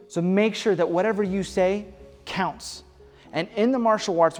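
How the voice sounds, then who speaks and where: A man's voice: high-pitched, a little slow, a little mellow, long reverb tail, faint music behind. A man teaching a beginner martial arts class, coaching viewers in an upbeat, encouraging way. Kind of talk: home workout class instruction.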